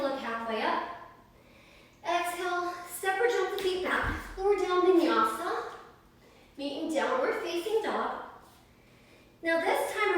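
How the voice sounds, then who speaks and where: A young woman leading a live yoga class, upbeat and chatty, counting reps and a little out of breath. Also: high voice. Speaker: yoga instructor. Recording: echoey room, mic at a distance.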